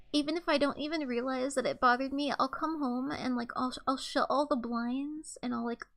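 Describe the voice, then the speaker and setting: Bright high-voiced woman streamer. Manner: playful and self-mocking, reads chat aloud. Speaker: live streamer. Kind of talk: casual chat reading live chat.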